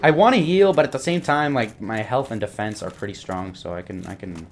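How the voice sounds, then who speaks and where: A man's voice: fairly low pitch, fairly quick, a little hiss or hum. A young man giving casual commentary while playing a game, rambling, joking and swearing at enemies. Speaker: gameplay commentator. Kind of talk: casual let's-play commentary.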